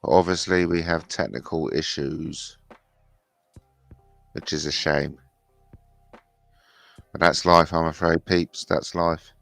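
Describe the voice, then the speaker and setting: A man's voice: a bass voice, steady tone, slow pace, vocal fry, long pauses, a bit bright, no echo, faint music behind. A man hosting a casual livestream, chatting in blunt banter with some swearing, reading out viewers' comments and answering them. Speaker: livestream host.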